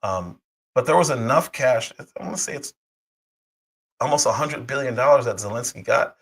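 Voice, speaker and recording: A man hosting a political commentary livestream, hoarse from a cold, talking heatedly with rhetorical questions and frequent restarts. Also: mid-range voice, moderate pace, low-quality recording. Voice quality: husky. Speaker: livestream host.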